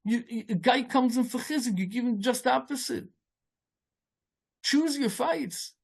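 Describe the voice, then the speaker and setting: A man giving an informal Torah talk as a rabbi. He speaks haltingly, with many restarts, and mixes Yiddish and Hebrew terms into his English. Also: gravelly, breathy edge. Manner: storytelling, rising in pitch as the tale builds.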